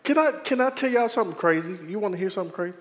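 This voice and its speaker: A man in his thirties preaches with lively storytelling energy, often calling out to his congregation. His voice sits a little higher than most men's. A long hall reverb trails after every phrase. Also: racing. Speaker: pastor. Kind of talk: sermon.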